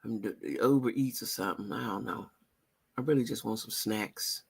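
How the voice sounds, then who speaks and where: A woman's voice: rumbling low, moderate pace, creaky, slightly rough. A woman hosting a casual livestream, chatting with her audience and reading their comments aloud. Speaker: livestream host.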